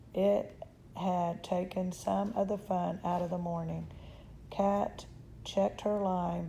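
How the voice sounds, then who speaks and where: A woman reading a children's chapter book aloud in a calm, measured way. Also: on the low side, vocal fry, slight background noise. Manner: calm, measured, occasional restarts.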